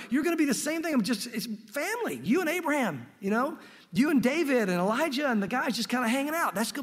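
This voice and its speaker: Excited preacher guy teaching the bible, pretty high voice, lots of echo trailing off. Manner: earnest, emphatic, enthusiastic with frequent restarts. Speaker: pastor.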